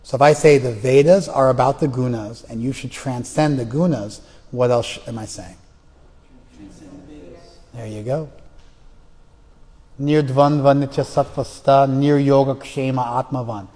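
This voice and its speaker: A spiritual teacher chants scriptural verses and then explains them plainly, bringing his stories to life with character voices, in a classroom lecture. His mid-range voice is slightly mellow and moves at a moderate pace, with a big-room sound.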